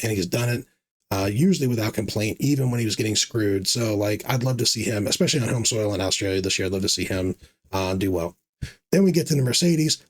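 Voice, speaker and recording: A man rambling through casual commentary, sarcastic and teasing, full of fillers and restarts. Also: medium pitch. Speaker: fantasy sports video host.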